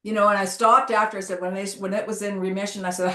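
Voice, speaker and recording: A woman's voice: medium pitch, little pitch movement, fast, sharp tone, roomy sound. A woman guest speaker on a video call, talking candidly and animatedly. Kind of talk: casual conversation.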